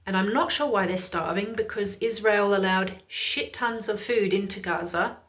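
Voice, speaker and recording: A woman's voice: medium pitch, normal speed, a bit bright. Heated Irish woman commentator. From Ireland. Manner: heated, emphatic, exasperated. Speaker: political commentator. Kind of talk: ranting video commentary.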